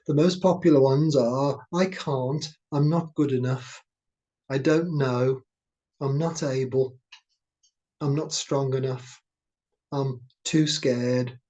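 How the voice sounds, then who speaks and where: Male meditation teacher: warm, mellow tone, unhurried and soothing. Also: medium pitch, steady tone. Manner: slow, gentle, soothing delivery. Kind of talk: guided meditation talk.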